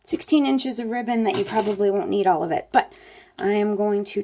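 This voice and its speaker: A woman's voice: medium pitch, a little fast, dark tone. A middle-aged woman, chatting folksily to viewers while she demonstrates a paper craft at her table. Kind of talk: casual crafting tutorial.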